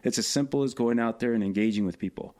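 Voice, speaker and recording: A man telling stories as a podcast guest in a casual, animated way, with lots of filler phrases. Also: mid-range voice, quick pace. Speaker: podcast guest, tournament organizer. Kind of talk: casual storytelling.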